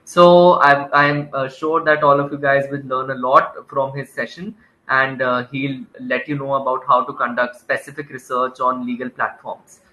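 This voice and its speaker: A man hosts an online session over a video call, speaking politely with frequent fillers. His voice is bright and forceful, and his intonation stays fairly flat. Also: mid-range voice, moderate pace, rough recording. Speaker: webinar moderator. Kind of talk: introducing a speaker and filling time on a webinar.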